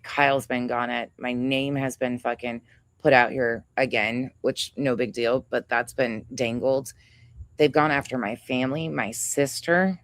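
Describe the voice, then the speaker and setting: In a rumbling low voice captured in clean studio quality without echo, a woman hosts a livestream and goes on a heated rant. She's profane and confrontational, calling out another creator and reading chat names aloud.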